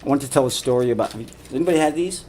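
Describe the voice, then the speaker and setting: A man's voice: medium pitch, rapid-fire, a little mellow, slight background noise. A man and father of three talking casually on a livestream, rambling, repeating himself, swearing and laughing. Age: adult father. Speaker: live streamer.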